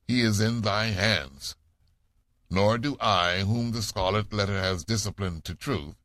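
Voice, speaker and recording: A man's voice: deep voice, a bit bright, no room sound. A man voicing a grave, sorrowful woman outcast, solemn and earnest in an old-fashioned storybook reading.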